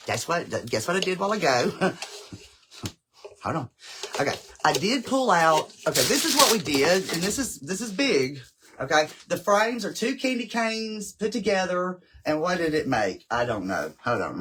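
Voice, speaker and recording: A man's voice: on the high side, pushed and bright, a little hiss or hum, rough recording. A man hosting a casual craft livestream, chatting and rambling straight to his viewers.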